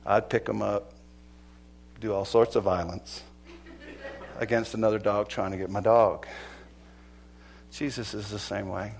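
A middle-aged male pastor preaching a sermon, swinging from loud exhortation to hushed, earnest appeals. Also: fairly low pitch, steady tone, unhurried, vocal fry, pauses often, slight background noise.

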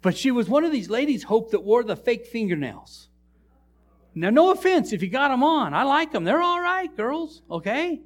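Here the preacher is a man with a very high-pitched voice and a normal pace. Delivering his sermon in church, he tells funny, animated stories and trades jokes with the congregation.

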